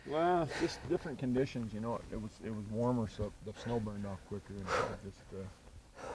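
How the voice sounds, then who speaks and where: A man's voice: fairly low pitch, normal speed. A man from New Mexico, a hunting guide, speaking in short, laid-back replies outdoors on a mountain. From New Mexico, USA. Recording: distant mic with loud outdoor noise.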